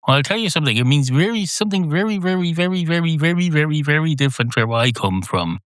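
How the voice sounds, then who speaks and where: A man's voice: on the low side, normal speed, a bit bright, dry recording, natural voice. A man voicing an indignant, pedantic talking cat that argues at length. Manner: argumentative, long-winded.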